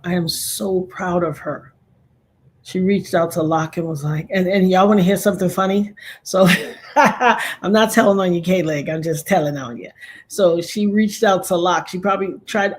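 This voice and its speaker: A woman with a husky, somewhat breathy voice hosts a casual livestream. She talks straight to her viewers, rallying them to leave likes. She speaks in an effusive, churchy way, praising God. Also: lowish voice, a little mellow. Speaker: livestream host.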